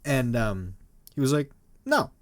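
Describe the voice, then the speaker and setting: Excitable young man, lively pitch. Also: unhurried. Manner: excitable, laughing, full of "like" fillers. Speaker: podcast co-host. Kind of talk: casual chat.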